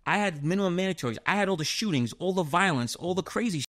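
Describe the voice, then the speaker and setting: A middle-aged man with a New York accent, telling stories as an interview guest, animated and swearing often. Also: high-pitched, fast talker. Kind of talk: casual storytelling.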